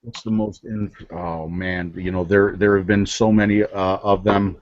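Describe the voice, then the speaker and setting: A man's voice: lowish voice, little pitch movement, normal speed, no echo, dull audio. Earnest man from New Jersey. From New Jersey, USA. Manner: earnest, many fillers and restarts. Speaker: guest vaping reviewer. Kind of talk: casual chat, storytelling.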